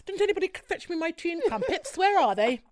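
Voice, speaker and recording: A woman's voice: very high-pitched, sing-song, fast talker, pitched above the performer's own voice. A woman putting on a prim, posh English lady's voice, affected and genteel.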